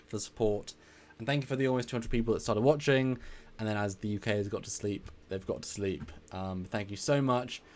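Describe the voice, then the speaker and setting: Rambling live stream host. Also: male voice, fairly low pitch. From England. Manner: rambling, effusive, repeats himself. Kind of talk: casual live stream chat.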